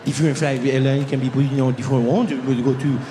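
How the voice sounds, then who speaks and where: A man's voice: medium pitch, steady tone, quick pace, warm tone, slight background noise, natural voice. A man voicing a short, older French airport information clerk who rambles in broken, accented English. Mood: rambling. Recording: live venue with long reverb.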